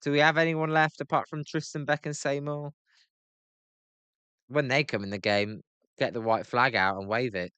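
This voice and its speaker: A man's voice: medium pitch, fairly even intonation, moderate pace, pauses often, a bit bright, clean tone, dry recording. A British man hosting a live stream, giving casual play-by-play reaction, chatty and grumbling, answering viewers by name.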